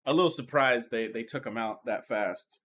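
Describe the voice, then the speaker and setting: A man co-hosting a casual movie review podcast, animated and quick to chime in. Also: mid-range voice. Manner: animated, chiming in. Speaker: podcast co-host.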